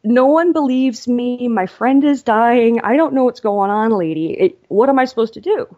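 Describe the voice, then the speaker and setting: A woman's voice: on the high side, lively intonation, normal speed, lo-fi sound, voice pushed up, lightly acted. A woman voicing a frightened young male peasant who talks in a panicky, pleading way.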